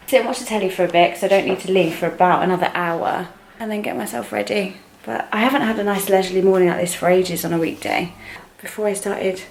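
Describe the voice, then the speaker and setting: A woman's voice: mid-range voice, gravelly, noisy background. Chatty young British woman vlogging. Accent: British English. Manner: chatty, rambling, lots of "like" and asides. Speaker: lifestyle vlogger. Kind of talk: casual vlog chat to camera. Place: home kitchen.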